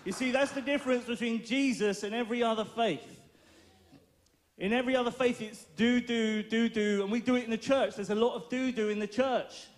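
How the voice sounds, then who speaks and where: A man preaching an informal, lively sermon in a playful, joking way, laughing often. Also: very high voice, normal speed.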